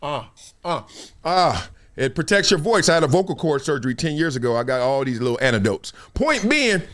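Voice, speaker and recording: A man's voice: on the high side, very animated, brisk, a bit bright. A man hosting a live sports show, talking in a casual, slangy, joking way and laughing often. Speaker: host.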